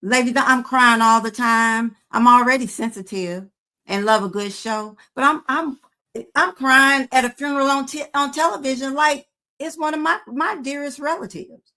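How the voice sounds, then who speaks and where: Frank, bright-toned woman in her fifties. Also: high-pitched, normal speed. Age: 50s. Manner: frank and conversational, with hesitant fillers. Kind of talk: candid podcast chat.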